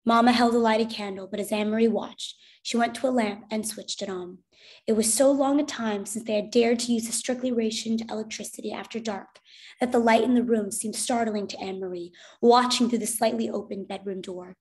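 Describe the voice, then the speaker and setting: A woman reads a children's novel aloud in a fairly high, expressive voice. She narrates clearly and steadily, the way a teacher reads to a class. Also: brisk. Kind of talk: storybook read-aloud narration.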